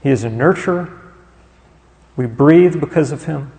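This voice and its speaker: A man preaching a sermon as pastor, asking the congregation rhetorical questions and slowing down to linger on listed words. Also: on the high side, vocal fry, mellow, long reverb tail, poor audio.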